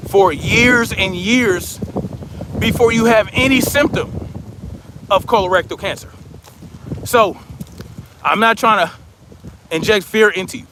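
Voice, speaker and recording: A man's voice: high voice, fairly bright tone, slight background noise. A man hosting a livestream who rants in a heated, profane, mocking way. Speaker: livestream commentary host. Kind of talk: casual livestream rant.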